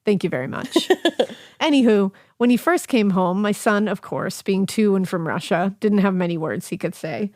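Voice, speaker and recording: A woman's voice: medium pitch, animated, moderate pace, a little mellow, no echo, clean studio sound. A woman co-hosting a podcast, reading a listener's ghost story aloud with laughing asides and casual swearing.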